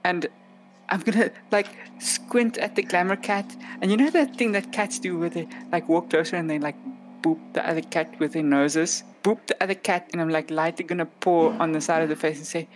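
A woman's voice: fairly low pitch, steady tone, normal speed, soft background music. A woman playing a tabletop game, talking in a casual, chatty way. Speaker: player.

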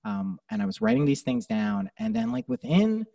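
A man speaking as a podcast guest, telling his story in a casual, animated way, swearing freely and acting out his own thoughts. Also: mid-range voice, normal speed, vocal fry, no room sound, recorded from a distance.

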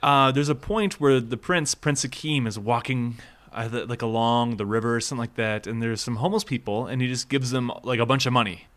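A man's voice: medium pitch, fairly even intonation, brisk, hardly any pauses, a bit bright. A man from Minnesota in his thirties co-hosting a casual podcast chat, laughing often and swearing freely. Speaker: podcast co-host.

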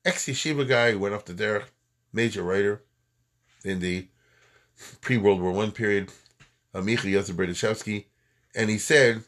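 A man's voice: lowish voice, normal speed, long pauses, a bit bright. A man giving an informal lecture, talking in a conversational way with rhetorical questions and many fillers. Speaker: lecturer on Jewish history and thought.

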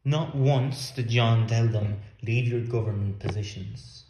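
A man's voice: medium pitch, unhurried, warm tone, highs cut off. A man preaching a sermon in an earnest, emphatic way, sometimes repeating words as he works through a point. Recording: echoey room.

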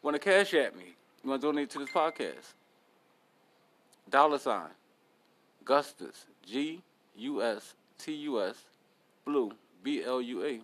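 A man's voice: medium pitch, expressive, unhurried, long pauses, a bit bright. Blunt, cursing podcast host man. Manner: blunt, profane, motivational. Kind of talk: casual podcast monologue.

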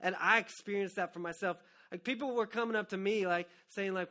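Bright-voiced preaching man. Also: sits high, brisk, hardly any pauses. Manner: earnest, personal preaching, swinging from hushed to loud. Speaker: pastor. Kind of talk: sermon.

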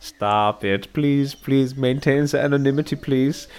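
A man's voice: medium pitch, a little slow, darkish tone, clean tone. A man hosting a podcast, rambling and laughing in a casual chat. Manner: rambling, laughing, restarts often. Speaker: podcast host.

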